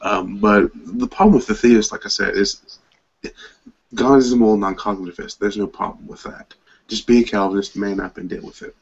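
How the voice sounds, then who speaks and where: A man's voice: on the low side, lively intonation, moderate pace, gravelly, slightly rough, muffled recording. Lecturing man arguing philosophy. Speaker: panel guest. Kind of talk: casual debate.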